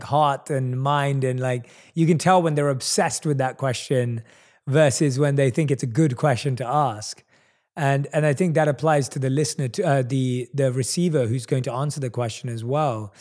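A man's voice: mid-range voice, a little mellow. A man hosting a podcast, asking questions in an earnest, enthusiastic, affirming way. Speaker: podcast host. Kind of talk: conversational interview.

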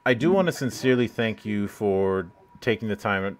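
Lowish man hosting with many ums. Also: animated, normal speed. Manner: hesitant, many fillers, swears casually. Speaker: interview host. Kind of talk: casual interview chat. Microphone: video call.

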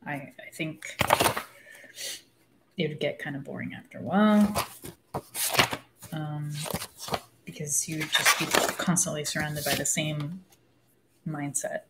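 A woman's voice: low-pitched, fairly even intonation, measured pace, long pauses, heavy background noise. A woman talking casually about a book she is reading, rambling and frank, losing her thread and swearing freely. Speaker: book discussion host. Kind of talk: casual spoken book commentary.

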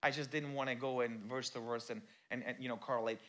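A man preaching a sermon in a church. He talks directly to the congregation and swings between quiet, intimate passages and loud, shouted emphasis. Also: mid-range voice, fairly even intonation, quick pace. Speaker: pastor.

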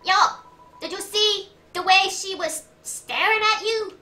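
A woman voicing an excited small young monster kid who gushes breathlessly. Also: very high-pitched, unhurried, voice pushed up, full character voice. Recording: echoey room, distant mic, faint noise.

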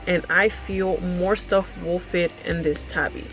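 A young woman vlogging at home, chatty and excitable, gushing to her viewers as she unboxes. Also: lowish voice, unhurried, low-quality recording. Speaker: beauty vlogger. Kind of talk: casual unboxing vlog.

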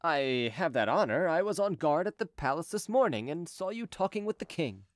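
Guy doing a polite apologetic sentry soldier, highish voice, very dry. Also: big pitch swings, moderate pace, dry recording. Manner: respectful, apologetic. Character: deferential male private soldier on guard.

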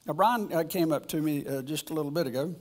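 A man giving an informal Bible lesson at church, rambling and halting, often restarting his sentences. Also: on the high side, a little mellow. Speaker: church teacher.

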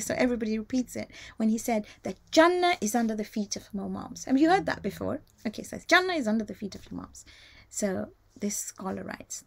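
Woman, religious teacher, live talk, gravelly, slightly high, animated storytelling, hushed whispers.

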